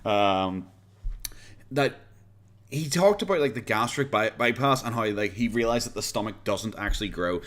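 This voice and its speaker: Expressive and lowish, his slightly bright voice moves at a moderate pace. This Irish livestream host chats casually while reacting to content at home with his pets around, laughing often, cursing freely and rambling into a USB condenser mic on his desk.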